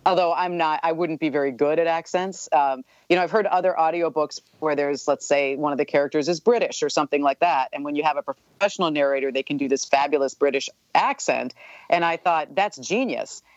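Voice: medium pitch, fairly quick. An author chats through an interview, rambling easily and leaning on fillers. The sound is dull and muffled, with no room echo at all. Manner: chatty, full of "you know" fillers. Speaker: author and guest. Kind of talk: casual interview chat.

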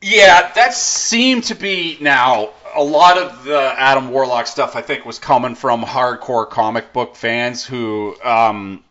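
A man co-hosting a casual movie review podcast, animated and laughing often, acting out quotes in bursts. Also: mid-range voice, slow, hardly any pauses. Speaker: podcast co-host. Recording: dull lo-fi podcast audio.

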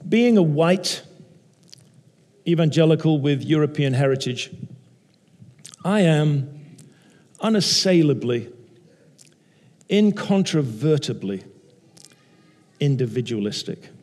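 A man with a fairly high voice preaches unhurriedly, leaning on repeated phrases to drive his points home. His voice rings with a long hall reverb. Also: animated, darkish tone. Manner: measured, repeats phrases for emphasis. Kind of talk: sermon.

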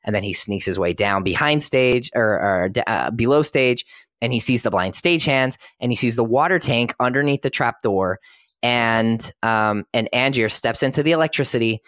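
A man's voice: mid-range voice, fairly bright tone, no room sound. A man on a podcast casually recapping a film's plot, retelling scenes and quoting the characters' lines in conversation. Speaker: podcast panelist.

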